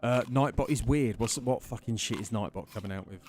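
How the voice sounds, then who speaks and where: Streaming a survival game, a man chats casually with his viewers, calling them by name and swearing freely. His voice is mid-pitched, fairly quick and darkish in tone, with slight background noise.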